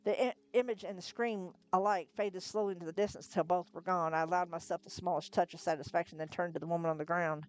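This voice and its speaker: A woman reads a novel aloud on a live stream in a fairly low voice. She tells the story in the first person at a steady pace. Now and then she trips on a word and corrects herself. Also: fast talker, hardly any pauses. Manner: steady storytelling with occasional slips and self-corrections. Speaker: narrator, reader.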